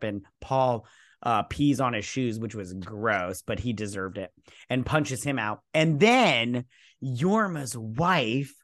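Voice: mid-range voice, a bit bright, dry recording, studio quality. Rambling podcast co-host recapping a movie. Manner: rambling recaps with fillers and jokes. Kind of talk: casual movie review chat.

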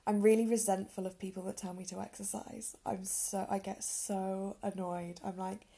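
A young woman talks through a solo podcast in a chatty, earnest way. Her voice is gravelly and mellow, a little husky, and she drops in ums and small self-deprecating laughs. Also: mid-range voice, flat delivery, normal speed. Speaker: podcast host. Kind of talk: casual solo podcast talk.

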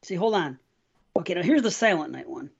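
A man talks loosely and at length, cursing freely as he chats on a podcast. His voice sits on the high side. The recording sounds muffled and lo-fi. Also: expressive, brisk, gravelly, breathy edge. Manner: rambling and heavily profane. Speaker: podcast co-host. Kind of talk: casual podcast chat.

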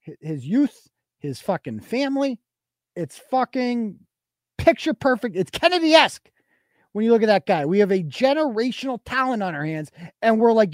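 A man's voice: sits high, sing-song, moderate pace, dry recording, clean studio sound. A man hosting a live show, delivering a heated, profanity-laced political rant and restarting his sentences as he goes. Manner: heated, swearing constantly, restarts mid-sentence.

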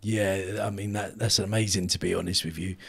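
Podcast host guy, super deep voice, kinda husky, just short agreeing replies. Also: level tone, fairly quick, fairly bright tone. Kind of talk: casual interview chat.

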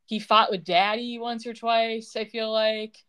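A woman's voice: a little high, level tone, unhurried, a bit bright, clear, resonant tone. A young woman co-hosting a podcast, chatting casually and retelling scenes in a sarcastic, quoting way. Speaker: podcast co-host. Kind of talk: casual recap chat.

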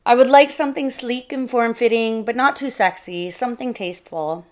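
Woman narrator playing an earnest, eager young bride, lifted higher and brighter. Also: moderate pace, close to an everyday voice. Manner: eager, earnest, a bit pleading.

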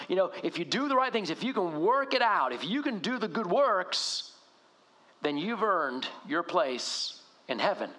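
A middle-aged male pastor preaching in a conversational, animated way, often asking rhetorical questions. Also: high voice. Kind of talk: sermon.

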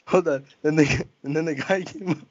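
A man's voice: fairly high pitch, normal speed, highs cut off, a loud crowd. A young man hosting a casual podcast, who keeps cracking up with laughter while trying to read a story aloud. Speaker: podcast host.

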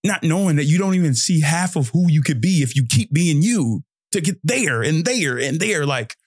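A young man from Texas hosting his own podcast, talking loosely and in slang, jumping into high mocking voices when he quotes his own thoughts. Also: lively intonation, moderate pace, breathy edge, dry recording, clean studio sound. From Fort Worth, Texas. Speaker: podcast host. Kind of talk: solo motivational podcast monologue.

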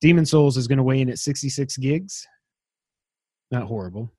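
A man's voice: mid-range voice, moderate pace, darkish tone, dry recording. A man hosting a casual gaming news podcast, rambling and enthusiastic, poking fun at himself. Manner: enthusiastic, rambling, self-deprecating. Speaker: podcast host.

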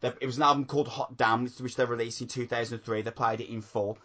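Male podcast co-host, mid-pitched, excitable, profane, keeps saying mate. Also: quick pace. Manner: excitable, swears a lot, calls people mate. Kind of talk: casual chat.

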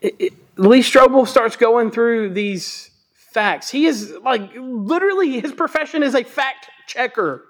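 A man's voice: very high voice, animated, unhurried, fairly bright tone. A man giving a Bible teaching sermon in a conversational, joking way, hammering points home by repeating them. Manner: emphatic repetition.

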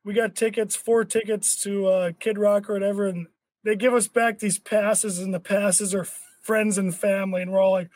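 A young male podcast host with a high voice, recorded close and dry with no room sound. He tells stories excitedly, swears freely and jumps into the voices of the people he quotes. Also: normal speed, no echo. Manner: animated storyteller, swears, acts out quotes. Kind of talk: casual chat.

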